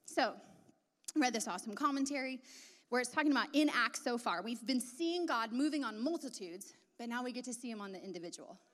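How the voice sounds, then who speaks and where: A woman preaches a sermon in a large hall with long reverb, her voice a little high, expressive, brisk and slightly bright. She's casual and chatty, packing in asides and filler words.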